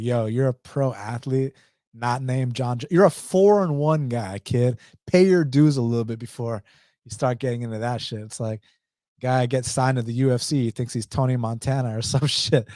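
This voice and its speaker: A man's voice: medium pitch, darkish tone, dry recording, studio quality. A man with an Atlanta accent hosting a live stream, reading chat questions and answering them in a blunt, casual, slangy way. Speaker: host.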